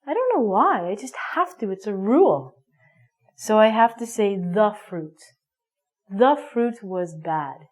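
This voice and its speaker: A woman's voice: mid-range voice, expressive, slow. A woman teaching an English grammar lesson, playful and emphatic, acting out little everyday scenes.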